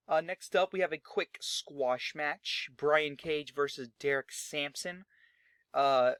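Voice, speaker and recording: A man's voice: a little high, a bit bright, no echo, clean studio sound. Chatty young man rambling over a game. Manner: rambling, chatty, swears freely. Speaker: gaming channel host. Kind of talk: casual let's-play commentary.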